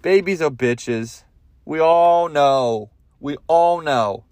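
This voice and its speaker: Guy doing a sweary comedy rant, kinda high voice, super dry close mic. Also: slow pace, a little mellow, dry recording. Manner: crude, rambling rant with lots of swearing. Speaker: podcast host. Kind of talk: comedic monologue.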